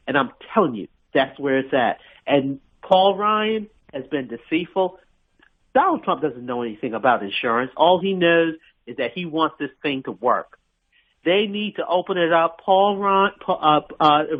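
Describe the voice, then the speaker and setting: An older woman calling in to a radio show, talking emphatically and repeating herself for stress. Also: low voice. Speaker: caller. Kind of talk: radio call-in. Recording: tinny phone line.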